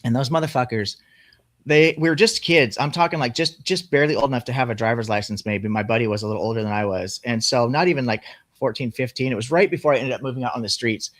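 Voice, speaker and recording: A man telling a personal story in casual, profane conversation, animated as he goes. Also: medium pitch, fast talker, no room sound.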